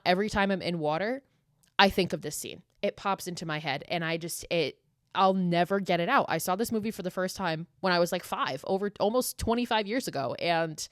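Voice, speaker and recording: A woman in her late twenties from the US East Coast hosting a solo podcast, telling stories in an emphatic, profane, animated way. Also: fairly low pitch, no echo, studio quality. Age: late 20s. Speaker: podcast host. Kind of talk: casual solo podcast monologue.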